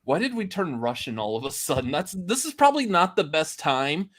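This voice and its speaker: A man's voice: a little high, big pitch swings, a little fast, fairly bright tone. A man hosting a podcast, joking and laughing often in casual chat. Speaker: podcast host.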